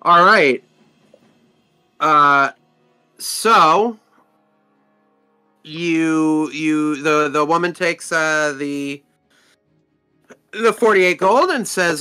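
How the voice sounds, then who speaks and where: A man's voice: a little high, very slow, pauses often, sharp tone, clean tone, faint music behind. A man narrating a tabletop game as dungeon master, hesitant, with many fillers and restarts.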